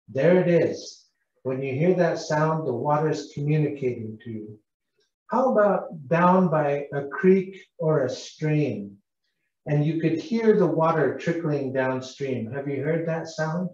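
A man from British Columbia leads a storytelling lesson, speaking slowly and gently and asking his young listeners questions. His voice is mellow and relaxed. The sound is echoey, distant and a little dull. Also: a little high. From British Columbia, Canada. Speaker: Indigenous cultural interpreter.

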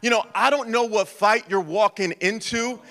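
Passionate high-voiced preacher in echoing church. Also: male voice, normal speed. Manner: passionate, swings from loud urgent preaching to quiet storytelling. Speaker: pastor. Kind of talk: sermon. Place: church hall. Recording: long church reverb.

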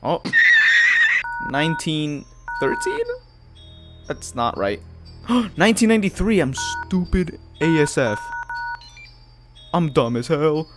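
A man's voice: on the high side, wildly swooping pitch, slow, long pauses, pushed and bright, faint music behind. A man giving horror gameplay commentary as a YouTuber, jumpy and panicky, gasping, swearing and laughing nervously. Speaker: gaming YouTuber.

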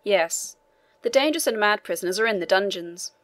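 A man's voice: high-pitched, lively intonation, a little fast, fairly bright tone, no echo. A woman reading the part of an obliging man, a prison governor, who explains matters deferentially, in an audiobook. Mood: explaining.

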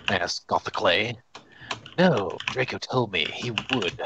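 A man's voice: lowish voice, measured pace, highs cut off, noisy background. A man doing a comedic reading of a bad fanfic, stumbling over words and swearing in exasperation. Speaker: reader.

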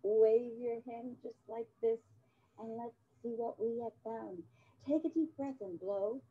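A woman playing a cheerful Mrs. Claus who does magic tricks and puppet patter for children, in a slow, sing-song, coaxing children's-show delivery. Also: a little high, husky. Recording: dull, muffled audio.

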